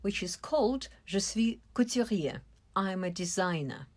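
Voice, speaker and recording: Woman, English teacher, slow and deliberate, lively melodic delivery. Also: mid-range voice. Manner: slow, careful explaining with stressed syllables. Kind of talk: vocabulary lesson.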